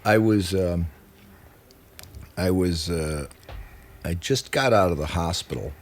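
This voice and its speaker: A man guest in an interview, telling stories in a loose, animated way, swearing freely and acting out what others said. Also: low voice, takes it slowly. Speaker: musician guest. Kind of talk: casual interview storytelling.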